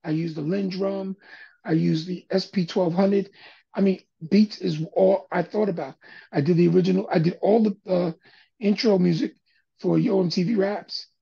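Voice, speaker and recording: Gravelly older man telling stories. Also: high-pitched, moderate pace, highs cut off. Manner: animated storyteller, acts out quoted voices. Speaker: guest, music producer and DJ. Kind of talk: casual storytelling interview.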